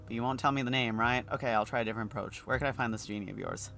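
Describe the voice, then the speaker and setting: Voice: mid-range voice, steady tone, very fast, vocal fry, fairly bright tone, soft background music. A streamer reading a weary man doctor in his late twenties who answers in a dry, patient, slightly exasperated way.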